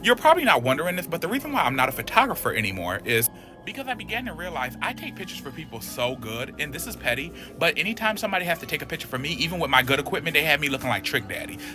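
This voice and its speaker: Animated man telling a wild story. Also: fairly high pitch, racing, music in the background. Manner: animated, profane, acts out quotes. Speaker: storyteller in a played clip. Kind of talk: casual storytime.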